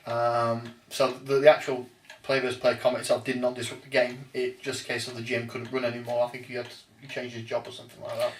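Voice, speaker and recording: A man's voice: medium pitch, level tone, fast talker, recorded from a distance. A man hosting a casual chat about tabletop games, often hesitating and restarting his sentences. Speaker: podcast host. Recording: roomy echo, off-mic, faint noise.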